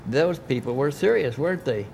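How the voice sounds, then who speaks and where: A little high, gravelly, and darkish in tone, an older man's voice moves with lively intonation at a moderate pace over a little hiss or hum. As an interviewee, he casually spins a long anecdote and acts out others' voices.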